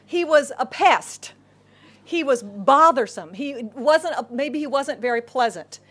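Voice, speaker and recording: A middle-aged woman preacher delivers a sermon, her voice sitting a little high. She tells the story with animation, acting out the crowd and sometimes sinking to a whisper. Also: expressive, unhurried, fairly bright tone, slightly rough. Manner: drops to a whisper for inner thoughts. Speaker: pastor.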